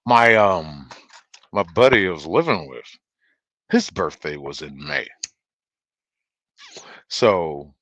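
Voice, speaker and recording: A man hosting a casual livestream, loud and excitable, swearing and laughing a lot as he tells a story. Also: sits low, no room sound. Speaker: livestream host.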